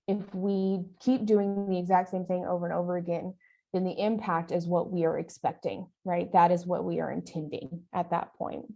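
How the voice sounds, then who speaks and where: A woman's voice: on the low side, little pitch movement, normal speed, gravelly, dark tone, muffled recording. A woman leading a training session, talking in a conversational way and often checking in with "right?". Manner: talks with her arms. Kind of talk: training presentation.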